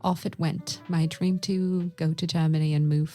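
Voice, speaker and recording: Woman telling animated stories. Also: sits low, moderate pace, faint music behind. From Russia. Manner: animated storyteller who acts out quoted dialogue. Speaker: podcast co-host, English teacher. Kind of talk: casual podcast chat.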